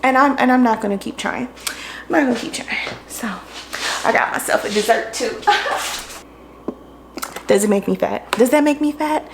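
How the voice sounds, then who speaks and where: A woman's voice: fairly high pitch, unhurried, long pauses, background noise. A young woman talking casually to her vlog camera at home in her kitchen, tired and out of breath, laughing often as she chats. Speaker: vlogger. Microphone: camera on tripod. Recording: roomy kitchen echo.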